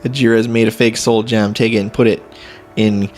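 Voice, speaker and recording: A man's voice: fairly low pitch, level tone, a little fast, a little mellow, soft background music, close to an everyday voice. A man voicing a scheming female cat-folk mage apprentice in a mock accent while reading game dialogue.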